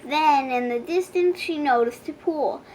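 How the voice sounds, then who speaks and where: A woman reads a fairy tale aloud for children, taking her time and shaping each phrase expressively. Her voice sits high, and a faint hiss of background noise runs under the reading. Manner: slow, expressive storytelling. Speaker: storybook reader. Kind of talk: children's audiobook narration.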